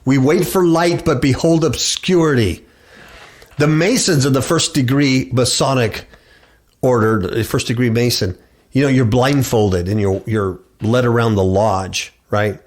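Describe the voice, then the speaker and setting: A man's voice: medium pitch, unhurried. A middle-aged man hosting a radio show, preaching and reading scripture aloud. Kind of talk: preaching bible commentary.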